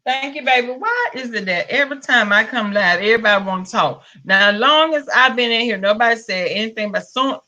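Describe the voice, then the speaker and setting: A woman's voice: fairly high pitch, fairly quick, hardly any pauses, sharp tone, dull audio. A woman with a Southern US accent hosting a casual livestream, greeting viewers by name and calling them pet names. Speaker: livestream host. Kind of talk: casual live-stream chat.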